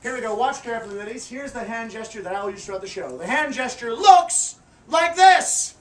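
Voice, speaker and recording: A man doing a live comedy act for a crowd on an outdoor fair stage, loud and teasing, with crude jokes and bursts of shouting. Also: very high voice, animated, brisk. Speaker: fire performer and street-show comedian. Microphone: camera far from the stage. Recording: distant, echoey, noisy amateur video.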